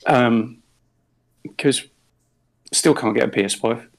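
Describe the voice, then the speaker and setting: A man's voice: mid-range voice, slow, gravelly, low-quality recording. A man hosting a casual podcast, dry and understated, with frequent ums. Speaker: podcast host. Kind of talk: casual chat.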